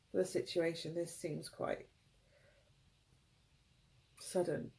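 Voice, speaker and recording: A tearful woman reads tarot cards for her viewers. Her voice is mellow and warm, and she talks in soft, halting phrases that break off and restart as she feels her way through the reading. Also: on the low side, fairly even intonation, vocal fry, poor audio. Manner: halting, emotional, gentle phrasing. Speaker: tarot reader.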